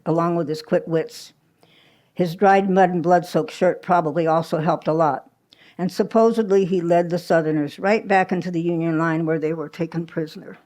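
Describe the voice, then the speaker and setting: At a small museum, a woman presents a live history talk, telling the story conversationally with asides and small restarts. Her voice is lowish and a little mellow.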